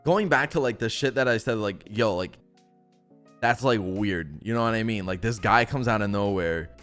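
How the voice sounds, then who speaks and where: Young guy, low voice, casual and profane co-chatter; faint music behind. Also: a bit bright. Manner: slangy and profane, reacting with quick interjections. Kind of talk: casual chat.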